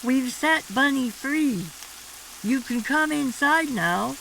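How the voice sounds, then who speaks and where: A man reading aloud and voicing a kind young boy in a children's storybook, gently coaxing. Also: very high voice, animated, takes it slowly, creaky, slight background noise, voice pushed up, exaggerated voice.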